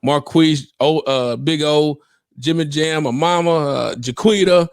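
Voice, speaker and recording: A podcast co-host with a slightly high voice, chatting casually and slipping into impressions of people. The sound is dry and close to the mic. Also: male voice, unhurried, clean tone, dry recording. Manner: animated, mimics people and laughs often. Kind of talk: casual chat.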